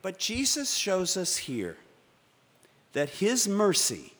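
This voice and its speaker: A man preaching a sermon from the pulpit, measured and dramatic, with pauses for effect. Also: high voice, wildly swooping pitch, fairly bright tone. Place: church sanctuary. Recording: long church reverb.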